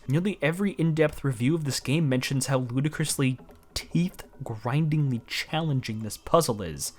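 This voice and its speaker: A man narrating a scripted video essay in an exasperated, sarcastic way. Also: fairly high pitch.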